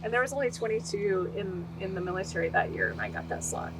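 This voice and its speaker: Animated storytelling woman from Utah. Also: mid-range voice, fast, background noise. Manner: animated, acts out quoted voices. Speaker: guest. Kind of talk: storytelling interview.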